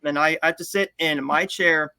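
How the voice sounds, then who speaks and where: A man's voice: a little high, fairly even intonation, moderate pace, pushed and bright, clean tone, no echo. A man in his twenties hosting a podcast interview, telling stories eagerly and often stammering and repeating words. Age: 20s. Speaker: podcast host. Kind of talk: casual interview chat.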